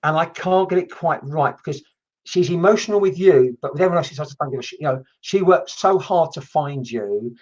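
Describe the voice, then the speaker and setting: A woman's voice: low-pitched, expressive, fairly quick, a little mellow, lo-fi sound. A woman working as a medium, giving a chatty live-streamed reading and swearing casually as she talks. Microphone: computer mic on a video stream.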